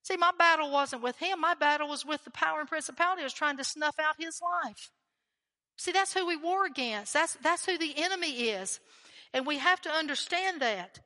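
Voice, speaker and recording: A woman's voice: high-pitched, lively intonation, brisk, bright, forceful tone, long reverb tail. A woman preaching a sermon with fervent emphasis, repeating key lines and asking the listeners questions.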